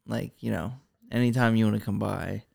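A man's voice: on the low side, steady tone, fairly quick, vocal fry, darkish tone, no room sound, clean studio sound. A young man co-hosting a casual podcast, teasing his friend bluntly and telling laid-back stories. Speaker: podcast co-host. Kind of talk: casual chat.

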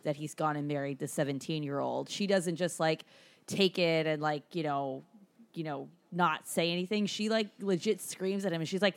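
A woman's voice: low voice, normal speed. A woman co-hosting a film podcast, talking casually with lots of "like" and "um.". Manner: chatty, heavy use of filler words. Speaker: podcast co-host.

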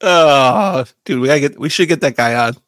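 Man, podcast co-host, excitable, lively pitch, dry close mic. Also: normal speed, dry recording. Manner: laughs a lot, animated, excitable. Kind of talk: casual chat.

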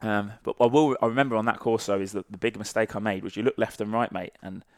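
A man with a low, gravelly voice recounts old training stories in a loose, profane, storytelling way. He is recorded close and dry, with no room sound. The interview is casual. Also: fairly even intonation, quick pace, dry recording. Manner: salty, sweary anecdotal storytelling. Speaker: guest, former army sniper.

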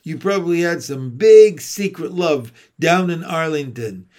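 A man's voice: on the high side, lively intonation, a little slow, a little mellow. A man reading aloud voices a shy, doubtful young boy who asks incredulous questions. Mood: doubtful, teasing.

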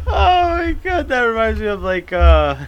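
A man's voice: extremely high pitch, big pitch swings, measured pace, lo-fi sound, a little hiss or hum. A young man co-hosting a podcast, rambling through stories in casual, profane chat full of fillers. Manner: rambling, filler-heavy storyteller. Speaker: podcast co-host.

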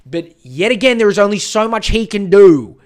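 Brief: male podcast host, slightly higher voice, angry profane rant. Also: lively intonation, moderate pace, a little mellow. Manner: heated, profane, rambling with restarts. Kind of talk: casual political rant.

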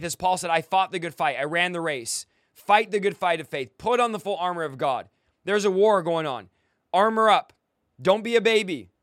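A man's voice: high-pitched, fairly bright tone, no echo, clean studio sound. A young man preaching a fiery, confrontational sermon, mocking his critics and commanding listeners to fight. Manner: exhorting, commanding.

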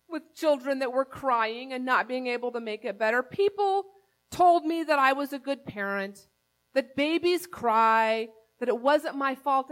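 A woman pastor delivers a sermon with a bright, high voice. She speaks in a conversational, earnest way, weaving a personal story into her preaching.

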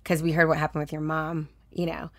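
A young woman from Texas talking casually as an interview guest, telling personal stories in a chatty, animated way, laughing often and acting out what people said. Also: low voice, fairly quick, no room sound, clean studio sound. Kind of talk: casual conversational storytelling.

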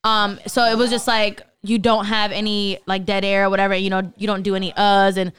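A woman's voice: mid-range voice, flat delivery, brisk, a bit bright. Rambling young woman podcast host. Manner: rambling, lots of fillers and restarts. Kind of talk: casual chat.

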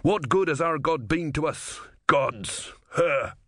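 A man's voice: on the high side, slow, pushed and bright, dry recording, clean studio sound, voice pushed up, full character voice. A man voicing a bitter, zealous young soldier who speaks fervently and scornfully in a storybook reading.

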